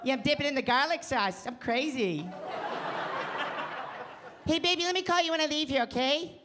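A meek, lovesick young man softly coos to his girlfriend on the phone, as a male stand-up comic puts him on. The voice is soft and sweet, all strength drained out of it. It is captured on a noisy live club mic. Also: extremely high pitch, normal speed, pitched above the performer's own voice. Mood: cooing. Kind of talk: stand-up comedy. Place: comedy club stage.

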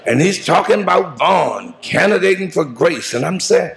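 A man preaching a funeral eulogy in a call-and-response style, moving into shouts and half-sung lines. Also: high voice, lively intonation, normal speed, gravelly, hardly any pauses. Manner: preaching cadence, rising to shouts and sung phrases. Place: large church sanctuary.

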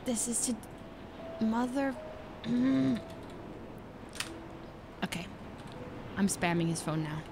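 A woman's voice: a little high, animated, slow, gravelly, pauses often, over music. A woman streamer talking in character during a roleplay game, playful and teasing, laughing often.

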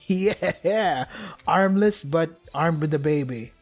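A young man with a slightly high voice narrates his own gameplay, cracking jokes and talking straight to the characters. He gets excitable and laughs often. Game music plays faintly behind him. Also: takes it slowly. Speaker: gameplay commentator. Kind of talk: let's play commentary.

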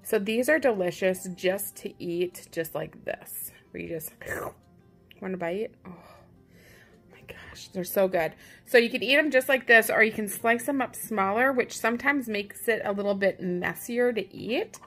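A woman at mid pitch talks brightly and casually, teasing herself as she walks viewers through a how-to. She is recorded in a home kitchen with faint music underneath. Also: moderate pace. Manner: chatty, upbeat, self-teasing. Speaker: parent and vlog host.

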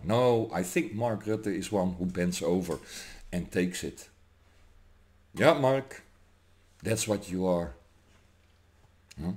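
Guy ranting at the camera, cursing a lot, slow deliberate delivery. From Germany. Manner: ranting, profane, swings between shouting and low menacing mutter. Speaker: vlogger. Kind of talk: angry political rant to camera.

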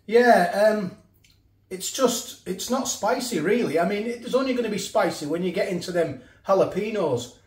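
A man's voice: high voice, lively intonation, normal speed. A middle-aged man reviewing food in a casual vlog, rambling and repeating himself, sometimes talking with his mouth full. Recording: echoey room.

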